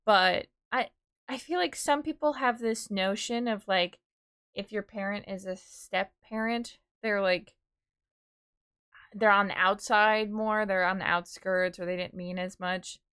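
A woman's voice: mid-range voice, steady tone, a little slow, a bit bright, smooth. A woman in her twenties, chatting casually with her viewers on a live stream. She rambles as she talks, with lots of "like" and "dude".

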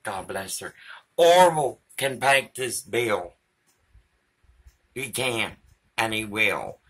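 A man's voice: lowish voice, lively intonation, slow, fairly bright tone, breathy edge. A man vlogging to a phone camera in a rambling, profane monologue that drifts between topics.

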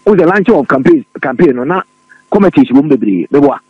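Radio panelist, male: rapid, animated, repeats himself. Dry, muffled studio audio. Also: a little high, breathy edge, dry recording. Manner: fast, excitable, many repeated words. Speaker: radio talk show panelist. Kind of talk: animated political radio discussion.

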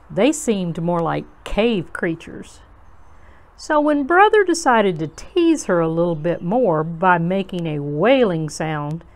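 A woman reading a children's storybook aloud to kids as host, in a slow, gentle, expressive way. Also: fairly low pitch.

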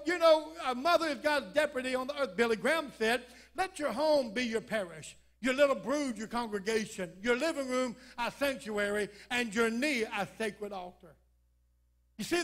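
High-voiced preacher. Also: male voice, a bit bright. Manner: folksy storytelling with a preacher's cadence. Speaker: pastor. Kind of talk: sermon. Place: church sanctuary.

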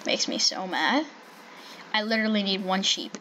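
A woman giving playful, excitable commentary while playing a survival game, calling out to animals in sing-song baby talk. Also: medium pitch, normal speed, a little hiss or hum, low-quality recording. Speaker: gaming channel host.

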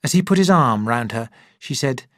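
A narrator reading a story slowly and clearly for English learners. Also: mid-range voice, animated, dry recording, clean studio sound.

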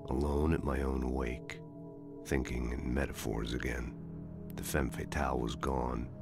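An actor playing a weary hard-boiled detective narrating a grim noir monologue in a video game. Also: male voice, very deep voice, flat delivery, unhurried, vocal fry, over music, full character voice.

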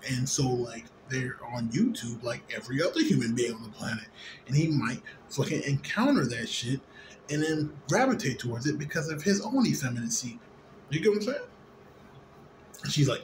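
A tipsy man rants late at night in a rambling, cursing monologue that keeps restarting and circling back. His voice sits at an ordinary male pitch. A clear bed of ambient noise runs under the recording. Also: expressive, moderate pace. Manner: rambling, profane, with frequent fillers. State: a little drunk. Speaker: vlogger. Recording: noisy ambience behind voice.

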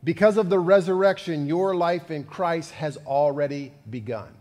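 Male pastor delivering a sermon; higher voice, reverberant sanctuary. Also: normal speed, darkish tone. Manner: conversational, builds to fervent emphasis. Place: church sanctuary.

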